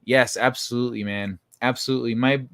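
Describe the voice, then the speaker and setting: A man's voice: mid-range voice, steady tone, brisk, fairly bright tone, dry recording, studio quality. A man hosting a casual late-night livestream, rambling and swearing with many restarts as he chats with viewers. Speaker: livestream host reading chat.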